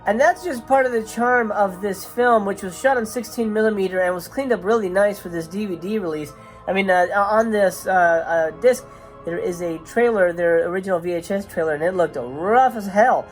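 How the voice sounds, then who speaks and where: A woman's voice: mid-range voice, normal speed, soft background music. A woman hosting a casual movie review vlog. She talks in a chatty, hesitant way with many filler sounds. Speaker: movie reviewer and channel host.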